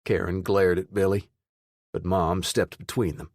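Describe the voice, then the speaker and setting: A man narrating a first-person audiobook in a plain, steady storytelling manner. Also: low voice, normal speed, vocal fry, no echo, studio quality.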